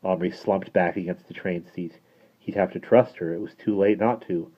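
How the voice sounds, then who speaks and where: A man reading a children's novel aloud in a steady, plain storytelling manner. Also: deep voice, moderate pace. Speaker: reader. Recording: tinny phone-like sound.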